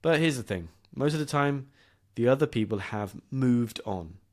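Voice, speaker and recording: A young southern English man hosts a podcast for English learners, sharing a personal story with lively, self-deprecating humor and laughing at himself. His pitch is medium and his pace moderate.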